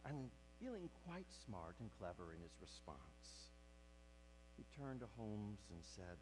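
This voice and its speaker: A man preaching a sermon as pastor, swinging from hushed near-whispers to loud, emphatic preaching. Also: fairly low pitch, very animated, unhurried, noisy background.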